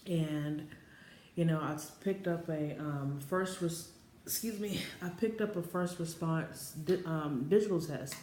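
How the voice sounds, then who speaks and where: A woman's voice: low voice, measured pace, darkish tone. Twenty-something woman vlogging, chatty and rambly, lots of "like" and "um", roomy echo. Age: 20s. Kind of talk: casual storytelling to camera. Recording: roomy echo with faint background noise.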